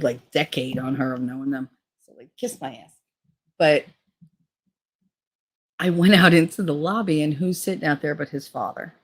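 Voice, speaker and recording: A woman vlogger relays gossip in a casual, profane way, swearing freely. She imitates other people's voices, jumping widely in pitch.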